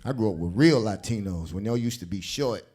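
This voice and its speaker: A man doing stand-up comedy on a club stage, telling stories in an animated, streetwise way. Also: lowish voice, a little fast, a little hiss or hum. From South Bronx, New York.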